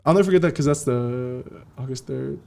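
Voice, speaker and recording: Young dj guy from california, slangy, bounces into quoted voices, kinda dark mellow tone. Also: mid-range voice, fairly quick, vocal fry. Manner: slangy, animated, acts out quotes. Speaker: DJ guest. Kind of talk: casual interview storytelling.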